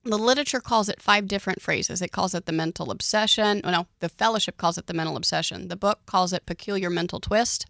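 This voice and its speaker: A woman's voice: fairly low pitch, fast, creaky, hardly any pauses, a bit bright, no echo. A woman co-hosting a recovery radio show in a studio, explaining ideas emphatically and teasing her co-host. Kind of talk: casual recovery podcast chat.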